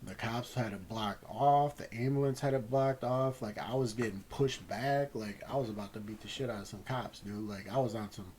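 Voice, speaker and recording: A man telling a personal story in a casual, rambling way, halting often and swearing freely. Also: lowish voice, a little mellow, slight background noise, rough recording. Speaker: gaming channel host.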